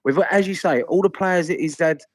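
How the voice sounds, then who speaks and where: A man calling in by phone, excited, quick and sweary about the match. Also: sits high, no echo. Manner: buzzing, rapid, sweary. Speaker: phone-in fan caller. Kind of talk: excited football chat. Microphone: phone call.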